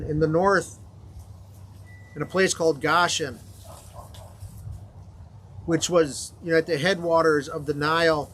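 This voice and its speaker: Male confirmation teacher, slightly raised pitch, halting conversational retelling, faint hiss. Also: a bit bright. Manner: conversational, halting, frequent fillers. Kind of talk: informal Bible story retelling.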